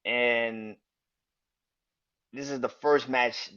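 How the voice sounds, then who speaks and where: A young man hosting a wrestling podcast, ranting casually, swearing freely, getting excited, and laughing often. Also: medium pitch, drawn-out words, smooth, dull audio. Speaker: podcast host.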